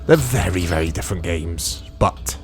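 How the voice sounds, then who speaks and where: A man's voice: sits low, expressive, moderate pace, soft background music. A British man hosting a gaming channel, giving casual, rambling, self-deprecating commentary while he plays. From United Kingdom. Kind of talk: casual let's-play commentary.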